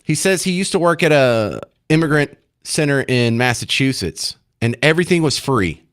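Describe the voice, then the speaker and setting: A man's voice: medium pitch, expressive, moderate pace, a bit bright. A man hosting a talk radio show, giving emphatic, indignant commentary.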